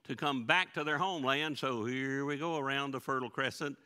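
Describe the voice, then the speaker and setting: A man's voice: medium pitch, a little fast, bright, forceful tone, clean tone. A man teaching a Bible lesson to his congregation, folksy and often asking them questions. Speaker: pastor teaching a Bible study. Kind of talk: interactive church Bible lesson. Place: church sanctuary. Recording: long church hall reverb.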